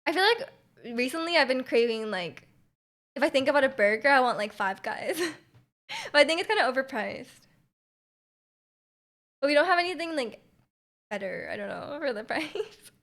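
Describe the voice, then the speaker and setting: A woman with a Canadian accent, chatting casually with viewers on a stream, full of fillers and restarts and quick to laugh. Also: high voice, lively intonation, fairly bright tone. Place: home room.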